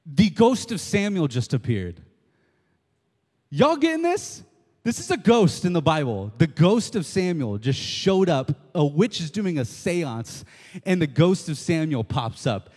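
A man preaching a casual, excitable sermon, often checking in with his listeners. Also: a little high, unhurried, big-room sound. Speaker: pastor. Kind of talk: conversational sermon.

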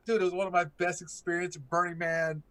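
A middle-aged man chatting casually, telling a story with lots of swearing and acting out his own excited reactions. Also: high-pitched, quick pace. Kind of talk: casual chat.

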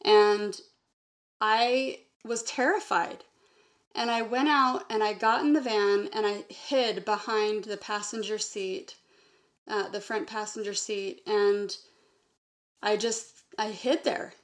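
A woman guest recounting a personal memory in an earnest, halting way, linking thoughts with repeated "and". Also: medium pitch, steady tone. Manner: earnest, halting, strings sentences with "and". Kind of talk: personal testimony in conversation.

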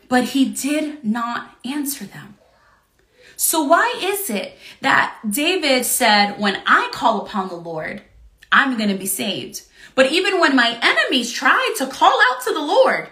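An earnest woman teaching from the Bible in a devotional talk, expressive and given to repeating phrases. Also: high voice, roomy sound.

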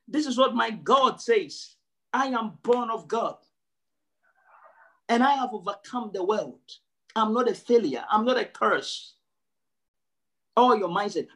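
Emphatic preaching man, slightly high voice. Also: lively intonation, a little slow, long pauses. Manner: emphatic, repeats phrases, swings from low to high and loud. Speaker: pastor. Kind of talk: sermon. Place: church service.

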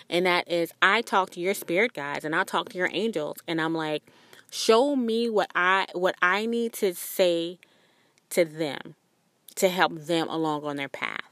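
A fairly low-pitched young woman hosting a spiritual podcast in a dry, close recording. She talks in an earnest, rambling, confiding way, looping back on her own phrases as she goes. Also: fairly bright tone, no room sound. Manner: acts out quoted voices with sudden high pitch jumps. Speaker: podcast host.

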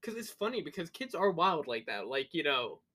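Bright-voiced man in casual chat. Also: a little high, big pitch swings, moderate pace. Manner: laid-back, rambling, swears casually, laughs often. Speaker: podcast co-host.

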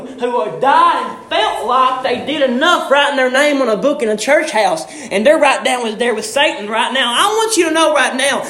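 A young man preaching a sermon in a church, fervent, shouting his refrains and swinging his voice from high to low. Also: echoey room. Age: young adult.

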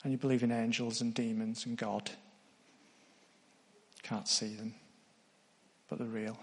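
A man's voice: mid-range voice, level tone, measured pace, in a large hall, a little hiss or hum. A man preaching a sermon, earnest, putting direct questions to his congregation.

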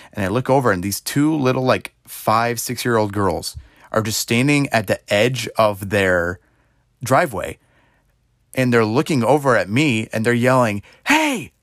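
A man in his twenties telling a story in a casual monologue, rambling and filling gaps with "like", getting animated as he retells it. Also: on the low side, dry recording, studio quality. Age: 20s. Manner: rambling, heavy use of "like" fillers; animated retelling with rising exclaims. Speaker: podcast host.

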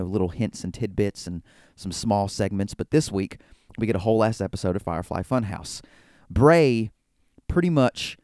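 A man with a lowish, smooth and resonant voice talks through a casual recap as a podcast host. He is chatty and joking, and he often trips over his words and repeats them. The sound is close and dry. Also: darkish tone, dry recording. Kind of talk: casual wrestling recap commentary.

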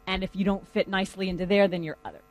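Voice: medium pitch, rapid-fire, rough recording. Conversational lecturer, loose and chatty, talking to a class. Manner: conversational, lively storytelling.

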